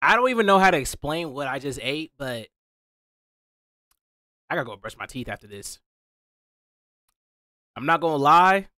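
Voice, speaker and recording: A young man doing a casual taste-test vlog as a food reviewer, talking in slangy, excitable bursts, swearing and repeating himself. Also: fairly high pitch, normal speed, pauses often, no echo, studio quality.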